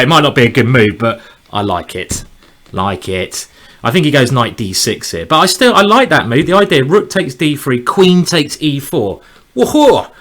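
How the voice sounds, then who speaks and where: A man giving live commentary on his own chess games, chatty and rambling, with sudden loud cheering bursts. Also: mid-range voice. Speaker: chess streamer.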